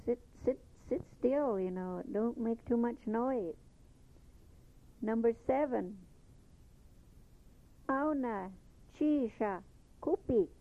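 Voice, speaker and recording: A woman teaching a language lesson, patiently repeating each phrase slowly before explaining it. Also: fairly high pitch. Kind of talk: slow spoken language lesson. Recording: tinny phone-like lo-fi recording.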